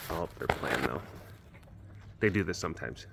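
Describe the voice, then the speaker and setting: A man's voice: rumbling low, lively intonation, normal speed, gravelly, background noise. A man chatting casually to camera outdoors by animal enclosures, doting and affectionate toward the cats. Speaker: vlogger at a wild animal facility. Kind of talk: casual vlog chat to camera.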